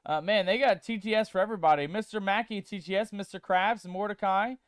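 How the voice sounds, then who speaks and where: A high-pitched man speaks at a fairly quick pace while streaming a game. He reads chat aloud, experiments with text-to-speech voices, and chats playfully and casually with his viewers, whom he calls mateys. The tone is clean and the audio is studio quality with no echo.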